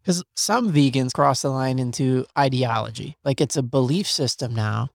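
A man hosting a podcast, talking casually, thoughtfully working through his points with many pauses and fillers. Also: medium pitch, vocal fry, dry recording, clean studio sound. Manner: thoughtful, searching phrasing with many "like"s. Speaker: podcast host.

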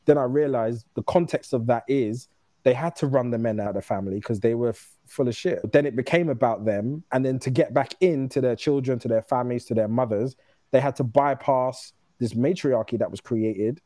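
A British man in his thirties with a medium-pitched, dark voice shares candid personal stories as a guest in casual conversation, recorded with no echo. He often restarts his phrases quickly.

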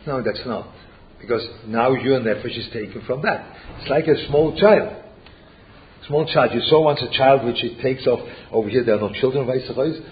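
A man teaching a Torah class, who asks rhetorical questions, repeats himself and mixes Yiddish and Hebrew terms into his English. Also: medium pitch. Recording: muffled lo-fi recording with faint background noise.

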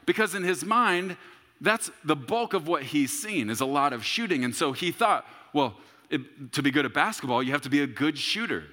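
A man in his thirties preaching a sermon as a pastor, telling a story with humor and bursts of shouting. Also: on the high side, lively intonation, moderate pace, big-room sound.

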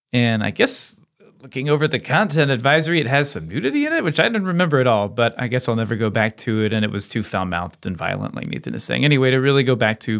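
A man's voice: medium pitch, vocal fry, fairly bright tone. A man with a mid-range voice co-hosts a casual podcast chat. He tells his memories in a chatty, upbeat way. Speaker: podcast co-host.

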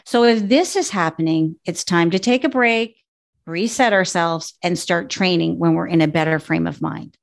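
Gravelly-voiced woman dog trainer. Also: on the low side, moderate pace. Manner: steady, explanatory teaching tone. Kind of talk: instructional podcast chat.

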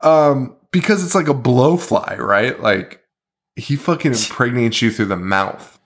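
A man's voice: mid-range voice, unhurried. A man co-hosting a horror podcast, casually recapping a film with lots of laughter and swearing. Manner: laughing often, swearing, animated storytelling. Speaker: podcast co-host.

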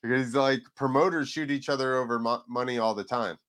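As a podcast guest, a freestyle motocross rider tells a rambling story in casual chat, voicing the people in it and swearing from time to time. His mid-range voice is a bit bright and a little fast.

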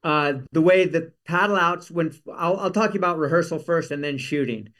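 Guest actor, high voice for a man, animated and rambly storyteller. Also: moderate pace. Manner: animated, acts out quotes, rambling asides. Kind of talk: casual storytelling.

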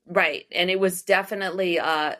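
Middle-aged american lady, psychic guest, low-ish voice, rambles and restarts a lot. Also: normal speed, a crowd in the background. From United States. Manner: rambling, with frequent restarts and laughs. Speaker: interview guest, astrologer and psychic medium. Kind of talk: casual storytelling interview.

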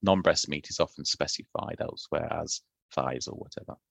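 A man, a food historian, explaining old recipes in a thoughtful, unhurried podcast conversation. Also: very deep voice, creaky, a bit bright, slightly rough, dry recording.

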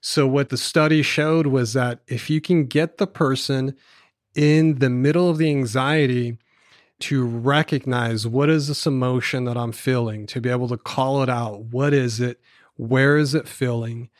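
A man co-hosts a podcast, explaining a research finding in a measured, step-by-step way. His voice sits at a middle pitch, recorded close and dry. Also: fairly even intonation, dry recording. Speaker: podcast co-host.

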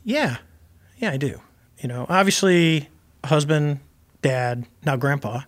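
A man's voice: on the high side, animated, slow pace. An older man, a retired Navy pilot, telling anecdotes as a guest in a casual interview, rambling with restarts and wry asides.

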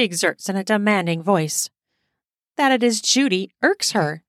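A woman's voice: mid-range voice, a little slow, dry recording, clean studio sound. Woman narrating an erotic story. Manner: steady, explicit storytelling. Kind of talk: erotic audio story reading.

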